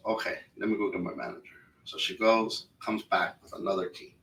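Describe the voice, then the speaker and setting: A man co-hosting a podcast and telling an animated, profanity-laced story. His voice has a bright edge. It is recorded a little off-mic in an echoey room. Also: on the low side, brisk, vocal fry, distant mic, a little hiss or hum. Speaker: podcast co-host. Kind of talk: casual storytelling chat.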